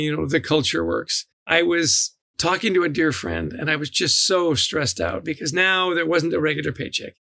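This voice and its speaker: A man's voice: a little high, vocal fry, pushed and bright, dry recording. A middle-aged man telling stories as a podcast guest, enthusiastic and given to repeating his words. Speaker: guest, leadership author. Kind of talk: podcast interview.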